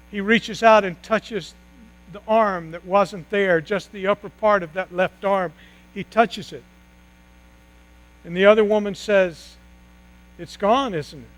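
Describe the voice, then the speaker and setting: A man preaching a sermon, retelling a story dramatically with long pauses and sudden hushed drops. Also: high-pitched, poor audio. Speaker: pastor.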